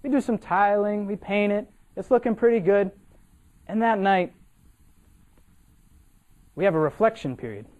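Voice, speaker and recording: A young man from Massachusetts, a cadet, giving an animated, humorous storytelling speech for a competition and acting out the people in his story. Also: sits high, normal speed, pauses often, muffled recording. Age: young adult.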